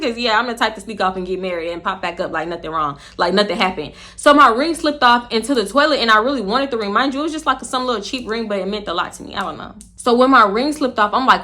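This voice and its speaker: Bright-voiced woman telling a wild story. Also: fairly high pitch, fast. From Houston, Texas. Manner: animated, swears freely, laughs while telling. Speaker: storytime vlogger. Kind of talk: casual storytelling.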